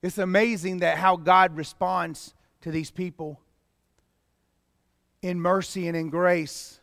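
A man pastor preaching a sermon with emphatic delivery that rises to loud exclamations. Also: sits high, fairly even intonation, slow, gravelly, dry recording, studio quality, long reverb tail.

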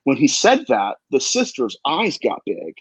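A man, a demonologist guest, tells an earnest, emphatic story in a husky voice and often repeats himself. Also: mid-range voice, huge pitch swings, measured pace, no room sound, low-quality recording. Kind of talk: animated storytelling.

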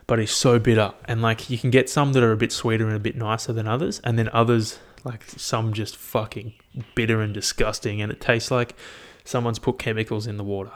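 A man's voice: lowish voice, level tone, fairly quick, few pauses. A young man, chatting casually on his own about his year, rambling, swearing often and laughing at his own stories, recorded on a headphone mic. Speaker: vlogger. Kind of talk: casual solo year-review chat.

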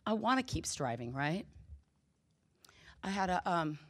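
Middle-aged woman, lowish voice, candid testimony, storyteller who plays out both sides of conversations. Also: very animated, unhurried, breathy edge. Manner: candid, storytelling, acts out quoted dialogue. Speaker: recovery meeting speaker. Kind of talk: personal testimony talk.

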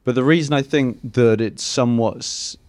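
A man from the UK talking as a podcast guest, measured and hedging, with many fillers. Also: mid-range voice, darkish tone, no echo. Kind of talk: casual podcast debate.

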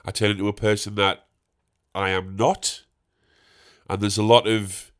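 A man's voice: on the low side, sing-song, normal speed, fairly bright tone. A young man rambling through a comic story, self-mocking and swearing often. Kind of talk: casual comic anecdote.

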